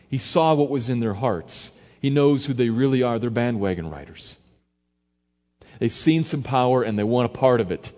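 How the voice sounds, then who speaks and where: A man's voice: medium pitch, big-room sound. A man preaching a verse-by-verse sermon in a conversational way, now and then acting out quotes with more force. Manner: conversational, varies loudness for emphasis, acts out quotes. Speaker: pastor. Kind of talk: expository sermon.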